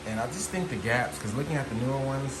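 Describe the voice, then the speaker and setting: This motorcycle vlogger speaks quickly at a medium pitch while working on his bike. His walkthrough of the repair is casual and meandering, packed with fillers, over a noisy background.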